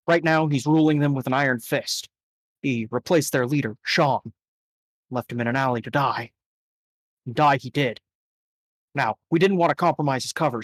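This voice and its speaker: A man voicing a calm gang boss who lays out a job in a measured, deliberate way during a tabletop game. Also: mid-range voice, dry recording, close to an everyday voice. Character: calm gang boss briefing a hired gun.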